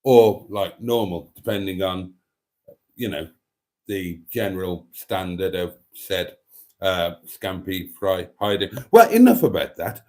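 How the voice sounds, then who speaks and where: A deep-voiced man with a darkish tone hosts a casual livestream, reading viewer comments aloud at a slow pace. He's very animated, groaning and muttering asides and breaking into snatches of song lyrics.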